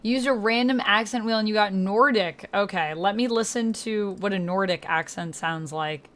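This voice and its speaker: A woman's voice: mid-range voice, moderate pace, fairly bright tone. A woman streamer chatting casually on a livestream, thinking aloud and asking herself questions as she goes.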